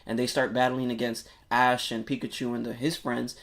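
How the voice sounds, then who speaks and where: A man on a podcast excitedly retelling a movie plot in casual, rambling chat, full of filler words and swearing. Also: mid-range voice, moderate pace. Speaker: podcast co-host.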